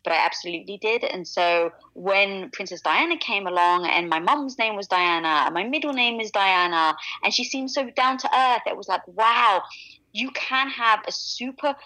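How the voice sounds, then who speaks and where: A woman's voice: medium pitch, normal speed, sharp tone, no echo, rough recording. A woman from England with a British accent, talking eloquently and upbeat as a guest on a video call interview.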